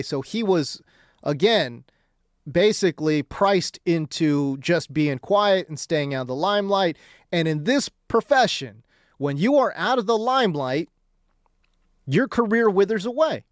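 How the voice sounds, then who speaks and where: A man's voice: a little high, expressive, normal speed, dry recording. A man hosting sports talk radio in a studio, delivering an emphatic, conversational monologue that repeats phrases for effect. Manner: conversational, with asides and laughs. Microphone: studio microphone.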